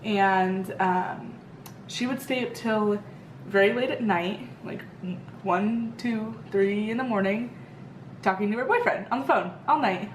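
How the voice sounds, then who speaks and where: A woman's voice: medium pitch, a little slow, a little hiss or hum. Chatty young woman in an echoey room. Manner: chatty, rambling, lots of fillers. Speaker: vlogger. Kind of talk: casual storytelling rant.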